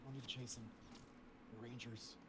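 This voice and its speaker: A man making quick, excited callouts to his team while playing a game. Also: mid-range voice, husky. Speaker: gamer on another stream.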